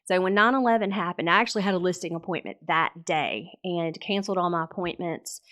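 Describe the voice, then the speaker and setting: A woman's voice: fairly low pitch, a little fast, hardly any pauses. A woman, telling stories in a casual interview with lots of laughter. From Mississippi. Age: 40s. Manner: laughing, lively storyteller. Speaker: podcast guest, real estate coach.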